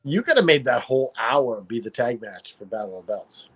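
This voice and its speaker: A man's voice: medium pitch, lively intonation, fairly quick, fairly bright tone, slightly rough. A man co-hosting a casual podcast chat, joking and self-mocking. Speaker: podcast co-host.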